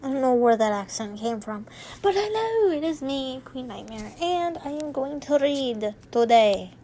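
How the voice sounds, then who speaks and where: A woman's voice: sits high, big pitch swings, measured pace, warm tone, slight background noise. A young woman casually reading fanfiction aloud, chatty and laughing as she comments on the story. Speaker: fanfiction reader.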